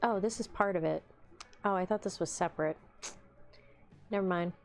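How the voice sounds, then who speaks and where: A woman's voice: on the low side, moderate pace, faint music behind. A woman hosting a live hobby stream, chatting casually while she paints, answering viewers and talking to her pets. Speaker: livestream host.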